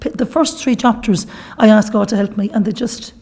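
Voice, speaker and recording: A woman's voice: medium pitch, fairly even intonation, moderate pace, warm tone, husky. A middle-aged Irish woman from Galway giving a personal testimony talk at a shrine workshop, chatty and storytelling, acting out the dialogue she quotes. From Ireland. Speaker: guest speaker.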